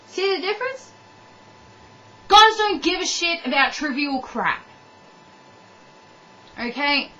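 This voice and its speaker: A woman's voice: sits high, animated, a little slow, long pauses, bright, forceful tone, muffled recording, slight background noise. A woman ranting to the camera in a blunt, heated way, swearing and talking straight to the viewer. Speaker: vlogger. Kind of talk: ranting monologue.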